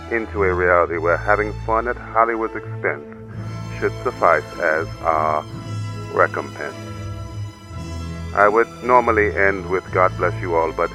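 A man's voice: low voice, bright, forceful tone, pitched below the performer's own voice. A man putting on a pompous orator with a bad imitation English accent, declaiming a mock-grand comedy monologue in a solemn, theatrical way.

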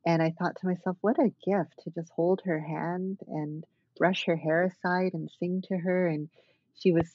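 A woman's voice: on the low side, steady tone, normal speed, breathy edge, no echo, dull audio. A woman dance artist talking thoughtfully as an interview guest, with many fillers and restarts. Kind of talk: reflective conversational interview.

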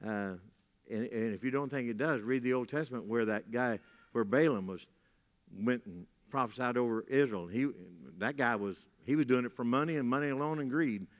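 A man's voice: medium pitch, normal speed. A man preaching a sermon as pastor, folksy and repeating key lines for emphasis, with casual asides. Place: church hall. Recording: long reverb from a church hall.

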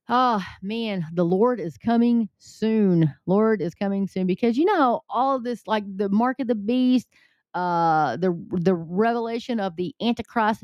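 A woman's voice: medium pitch, dry recording. A woman preaching urgently to her viewers in a casual, rambling way, full of fillers, often calling them folks and guys. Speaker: Christian vlogger. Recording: dry, dull lo-fi home recording.

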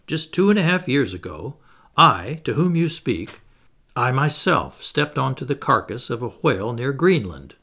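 A brash Canadian harpooner, loud and blustering, his voice gravelly and swinging up and down, as a man puts him on for an audiobook. A grown seaman who gets worked up fast and argues hard. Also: mid-range voice, exaggerated voice.

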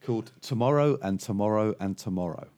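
A man's voice: fairly low pitch, animated, fairly quick, warm tone. Guy rambling thru a pub joke, voice jumps all over, loads of ums. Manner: rambling storyteller, lots of fillers and restarts, laughs at own jokes. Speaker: podcast co-host. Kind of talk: casual chat.

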